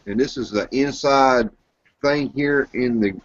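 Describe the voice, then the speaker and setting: A man's voice: mid-range voice, measured pace, no echo. A man, hosting a casual chat and telling a joke with lots of character voices. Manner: animated storyteller, throws voices for quoted characters. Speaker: host; grocery store worker. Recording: dull lo-fi recording.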